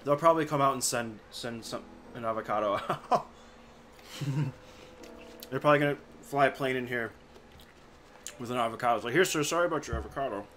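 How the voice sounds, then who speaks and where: A man's voice: medium pitch, moderate pace, long pauses, fairly bright tone, slight background noise. A man hosting a livestream, chatting casually and reading out viewers' names while he plays. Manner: reads chat names aloud, laid-back and chatty. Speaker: livestream host.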